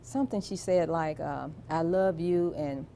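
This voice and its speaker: A woman being interviewed, telling a personal family story in a slow, soft, reflective way. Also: low voice, a little hiss or hum.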